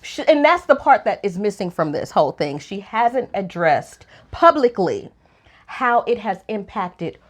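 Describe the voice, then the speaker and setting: Animated, opinionated woman podcast host. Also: medium pitch, a little slow. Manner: animated, opinionated, voice jumps up when incredulous. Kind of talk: casual opinion chat.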